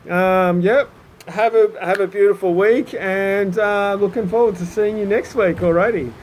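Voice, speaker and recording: A man's voice: high voice, fairly even intonation, normal speed, darkish tone, a little hiss or hum, low-quality recording. A man giving a casual, encouraging spoken psychic reading to viewers, with many fillers and little acted bits of self-talk. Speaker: psychic reader.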